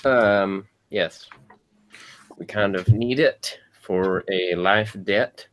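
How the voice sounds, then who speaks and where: Guy playing a polite awkward adventurer, slow, lots of ums. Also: on the low side, fairly bright tone. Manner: hesitant, apologetic. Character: polite, bumbling male adventurer.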